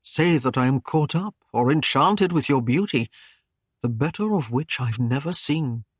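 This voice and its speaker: Male narrator doing a coaxing knight, flattering, dry close sound, audiobook. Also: mid-range voice, measured pace, breathy edge, no echo. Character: smooth-talking knight wooing a woman.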